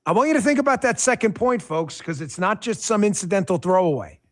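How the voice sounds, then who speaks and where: A man's voice: sits high, big pitch swings, a little fast. A middle-aged man hosting a political talk show, giving emphatic, sarcastic commentary and speaking straight to his viewers.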